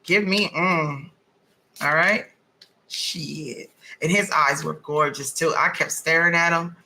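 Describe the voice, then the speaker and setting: A woman giving a casual tarot card reading, blunt and animated, swearing freely as she talks. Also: deep voice, unhurried, poor audio. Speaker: tarot reader.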